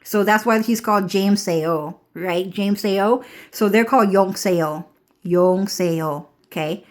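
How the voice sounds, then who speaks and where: A woman's voice: medium pitch, slow pace. A woman in a rambling casual monologue to viewers. She swears freely and often checks in with "okay?".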